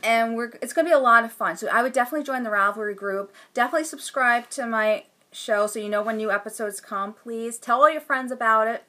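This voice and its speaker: A woman's voice: on the high side, quick pace, few pauses, sharp tone. A woman hosting her own knitting podcast at home, chatting casually to the camera in a rambling way with lots of fillers and restarts. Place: at home, indoors.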